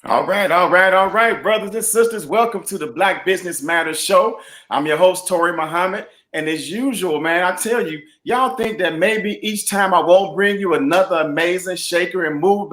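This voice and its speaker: Lively Chicago man hosting, echoey room. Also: high voice, moderate pace. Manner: energetic, slangy, repeats "man". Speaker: host. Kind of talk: casual interview talk.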